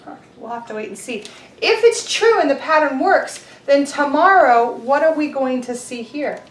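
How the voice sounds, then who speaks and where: A woman teaching young children in an online class, leading calendar time and storytime in a gentle, encouraging way. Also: sits high, lively intonation, normal speed. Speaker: preschool teacher.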